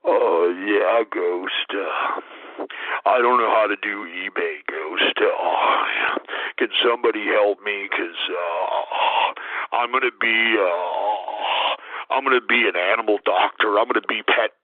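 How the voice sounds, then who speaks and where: A man voicing a whiny, slow-witted man-child troll in a low, dopey mumbling drawl as a mocking impression. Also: dry recording. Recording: tinny phone-like radio audio.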